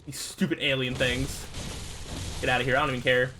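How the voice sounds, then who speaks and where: A young man giving casual let's-play commentary, frustrated and swearing at the game, with outbursts and low muttering. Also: flat delivery, a little fast, noisy background. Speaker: gaming streamer.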